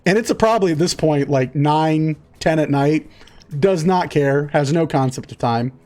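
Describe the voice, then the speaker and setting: A man's voice: on the high side, moderate pace, darkish tone. Rambling man narrating as game master. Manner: rambling with many fillers.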